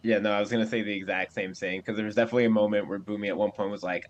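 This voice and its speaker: Low-voiced man recalling game moments. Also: steady tone, very fast, hardly any pauses. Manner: enthusiastic, rambling. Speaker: player. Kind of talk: casual chat.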